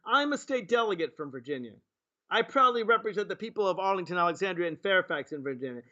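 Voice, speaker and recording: A male political talk host in a sarcastic, indignant monologue, piling up rhetorical questions. His voice is high and bright and jumps around in pitch. The audio is slightly lo-fi. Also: big pitch swings, fast.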